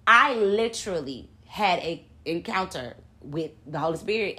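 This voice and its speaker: Woman, thirties, bright tone, lively church testimony, casual talk. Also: lowish voice, moderate pace. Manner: animated storytelling, church talk. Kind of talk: casual chat.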